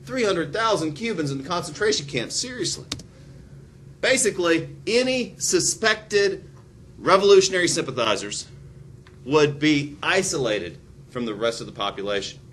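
A male history teacher giving an animated lecture with joking, sarcastic asides. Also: on the high side, moderate pace, slight background noise. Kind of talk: classroom lecture.

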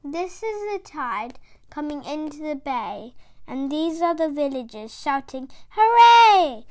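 Slow high-voiced woman reading a bedtime story. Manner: rhythmic rhyming read-aloud, lively character voices.

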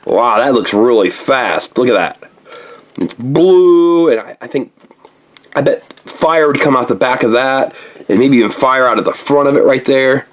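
Brief: woman unboxing toys, very deep voice, lively sing-song delivery, playful pirate talk with a kid. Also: normal speed. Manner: playful, talks to a child helper, throws in pirate growls. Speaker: toy unboxing host. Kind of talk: playful toy unboxing for kids.

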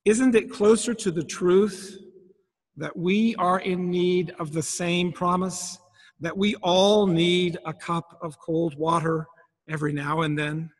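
A man's voice: high-pitched, steady tone, slow. A man preaching a sermon in a reflective manner, asking his listeners many questions. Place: church. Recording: long church reverb.

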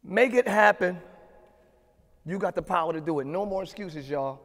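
High-voiced pastor preaching in a reverberant hall. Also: male voice, moderate pace. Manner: preaches with rising shouted emphasis and repeated refrains. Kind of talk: sermon. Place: church sanctuary.

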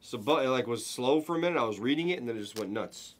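A man hosting a live card break, giving excited running commentary as he opens packs and chats with viewers. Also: mid-range voice, fast talker, a little hiss or hum.

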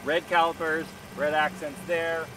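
Standing outside beside a car, a man hosts a live Q&A as a car reviewer, chatting casually and offering blunt opinions with plenty of fillers. His slightly high voice has little pitch movement, a measured pace, and a pushed, bright quality. The phone camera mic sits a bit away from him, and background noise is clearly audible.

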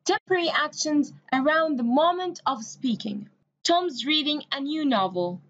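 A woman's voice: sits high, expressive, moderate pace, lo-fi sound. A woman from Egypt, an English teacher giving a recorded grammar lesson, explaining step by step and spelling words out letter by letter.

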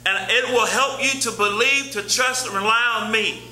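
A man's voice: high voice, normal speed, bright, forceful tone, roomy sound, rough recording. A man preaching a sermon as pastor, talking in a conversational way, repeating key phrases and reading scripture aloud. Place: church sanctuary.

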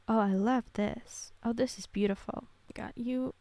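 A woman's voice: on the high side, steady tone, normal speed, hardly any pauses, dark tone, no room sound. A young woman giving casual, gushing commentary while playing a computer game, cooing over tiny characters. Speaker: gaming creator.

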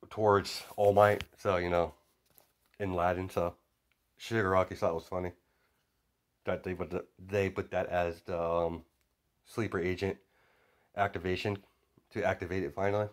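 A man's voice: deep voice, fairly even intonation, normal speed, pauses often. A man casually retelling a fan story, rambling with many fillers and restarts.

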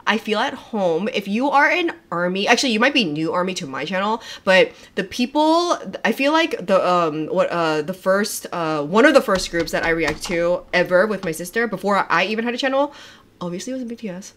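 Gushing, excitable young woman livestreamer. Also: medium pitch, normal speed. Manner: gushing, excitable, swears often, trails off and restarts. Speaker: livestreamer reacting to music videos. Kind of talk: casual livestream chat.

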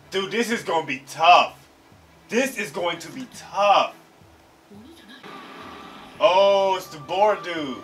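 A man hosting an anime reaction video, talking in an excitable, slangy way and swearing freely. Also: a little high. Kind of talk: casual reaction commentary. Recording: slightly distant mic, faint show audio.

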